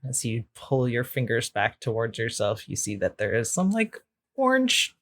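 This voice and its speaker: Game master, man, mid-pitched, casual chatty narration. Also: wildly swooping pitch, moderate pace, a bit bright. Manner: loose, conversational narration with fillers.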